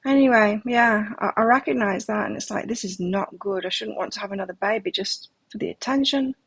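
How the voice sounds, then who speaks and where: A woman's voice: medium pitch, a little fast, gravelly, a bit bright, slightly rough, no echo. A middle-aged woman giving a live tarot reading, talking candidly and reflectively and sharing personal stories. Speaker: tarot reader.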